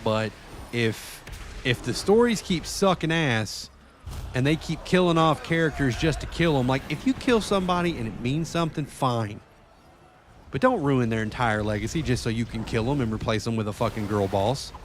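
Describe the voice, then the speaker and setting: A man's voice: mid-range voice, normal speed, a little hiss or hum. A man streaming a game and chatting casually, swearing freely and ranting with animation. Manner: profane, animated rant.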